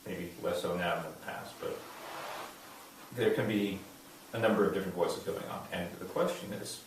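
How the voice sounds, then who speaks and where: A man, a student, asking a halting, hesitant question with many restarts. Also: sits low. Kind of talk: question from the audience. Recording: distant mic, very echoey room, faint background noise.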